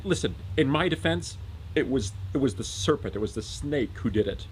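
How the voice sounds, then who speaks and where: A man voicing a defiant, indignant first woman in a raised, sharp voice. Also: medium pitch, lively intonation, moderate pace, slight background noise, voice pushed up, lightly acted.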